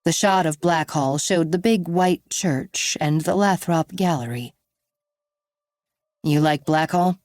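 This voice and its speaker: A woman narrating an audiobook in a measured, even reading. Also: on the low side, dry recording. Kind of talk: scripted narration.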